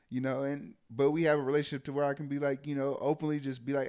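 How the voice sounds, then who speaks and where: A man's voice: mid-range voice, fast talker, a little mellow. A young adult man, an army sergeant, venting bluntly and profanely in casual chat.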